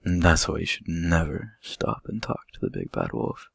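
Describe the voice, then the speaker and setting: A sly, hungry storybook wolf, put on by a man reading aloud, with a gravelly, very creaky growl. He speaks in a deep voice, loud and menacing, recorded dry and close. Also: wildly swooping pitch, normal speed, dry recording, exaggerated voice. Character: big bad male wolf, sly and hungry.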